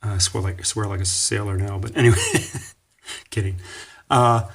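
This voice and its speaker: A man's voice: lowish voice, fairly even intonation, normal speed, gravelly, pauses often. A man in his forties from Canada, vlogging in a casual, rambling motivational style, correcting himself and acting out the people he quotes. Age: 40s. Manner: rambling, self-correcting, laughs often, acts out quoted voices.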